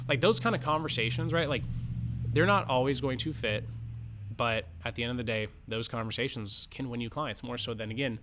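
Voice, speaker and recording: A man talks through sales advice for financial advisors like he's chatting with colleagues. His voice sits in a middle pitch, and he keeps it casual, breaking off now and then to act out lines he'd say to a client. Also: brisk, fairly bright tone, slight background noise. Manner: conversational, many fillers and restarts, acts out sample client lines. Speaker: podcast host coaching financial advisors. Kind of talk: casual instructional podcast talk.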